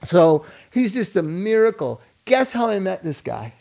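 A man's voice: high-pitched, sing-song, a little slow, gravelly, a little mellow. A man in casual chat, telling a story animatedly and acting out the people in it.

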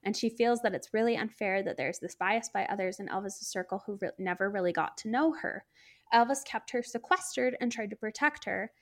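A woman co-hosts a podcast in easy, casual conversation, her mid-range voice carrying some vocal fry. She's chatty, fills her speech with lots of "like," and laughs lightly as she talks.

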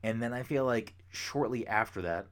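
A young man co-hosting a podcast, chatting casually, rambling with excitement and swearing freely. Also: medium pitch, moderate pace. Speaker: podcast co-host. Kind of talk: casual chat.

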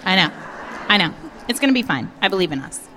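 A woman's voice: medium pitch, lively intonation, fast talker. A woman co-hosting a live podcast show on stage, upbeat and playful as she works the audience. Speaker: podcast co-host. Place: large hall with live audience. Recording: hall reverb, loud crowd and noise.

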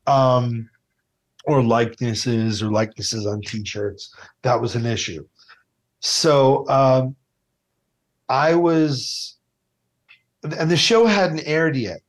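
Man telling stories, animated and profane. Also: medium pitch, takes it slowly, long pauses. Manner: animated, profane, self-deprecating storyteller. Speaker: podcast guest, TV food host. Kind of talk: casual storytelling interview.

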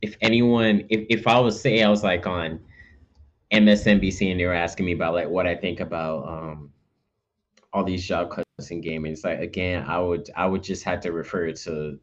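A man's voice: deep voice, steady tone, normal speed, highs cut off. A man co-hosting a podcast, rambling in casual chat with lots of restarts and acted-out asides. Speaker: podcast co-host.

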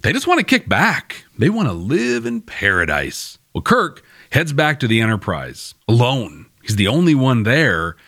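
A man's voice: medium pitch, huge pitch swings, measured pace, few pauses, fairly bright tone. A man hosting a podcast, giving a chatty, wry recap of a TV episode. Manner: chatty and wry, laughing at his own jokes. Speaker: podcast host. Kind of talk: casual episode review narration.

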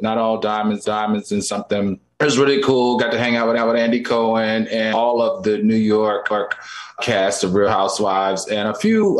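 A man co-hosting a talk show, chatting about his night out in an easygoing, rambling way. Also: fairly low pitch. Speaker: co-host. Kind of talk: casual chat.

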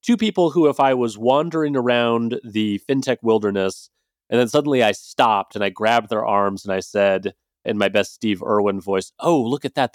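A man's voice: mid-range voice, no echo, clean studio sound. A man hosting a podcast in a casual, chatty way, with loose phrasing and hedging fillers. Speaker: podcast host.

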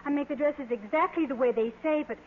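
A woman's voice: sits high, quick pace, phone-quality sound, close to an everyday voice. An actress playing a blunt, nosy teenage girl in a 1940s radio play, earnest and girlish, on a scratchy old broadcast.

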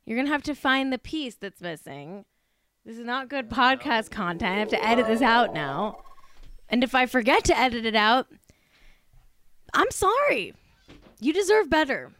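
A woman's voice: a little high, lively intonation, normal speed, pauses often, crowd noise. A young woman co-hosting a podcast, chatting casually in an exasperated, joking way. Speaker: podcast co-host. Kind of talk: casual chat.

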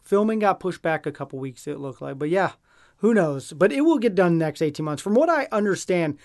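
A podcast co-host chatting casually, upbeat and teasing as they read through a list. The talk stays relaxed and friendly. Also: medium pitch, a little fast. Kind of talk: casual chat.

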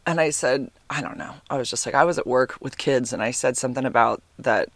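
A man hosting a podcast in casual chat, rambling and full of fillers, animated and quick to exclaim, speaking a little back from his microphone. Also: medium pitch, no echo. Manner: animated, exclaims and laughs often. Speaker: podcast host. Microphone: podcast microphone, sitting a bit back from it.

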